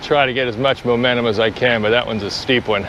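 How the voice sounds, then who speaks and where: Live-streaming a charity ride on a bicycle along country roads, a man chats casually and out of breath between climbs. His medium-pitched voice is fast, fairly bright, and fairly even in intonation. The lo-fi audio carries slight background noise.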